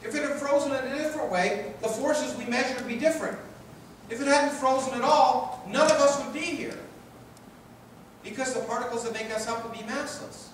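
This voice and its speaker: A man's voice: very high-pitched, brisk, distant mic, slight background noise. A man with a Canadian accent giving a public lecture and reading from his book, emphatic and rhetorical, with phrases built up in repetition. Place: large lecture hall. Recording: echoey hall recorded from afar.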